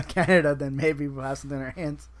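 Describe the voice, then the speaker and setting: A man's voice: a little high, fairly even intonation, brisk. A young man co-hosting a casual podcast chat, joking and profane, laughing often. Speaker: podcast co-host.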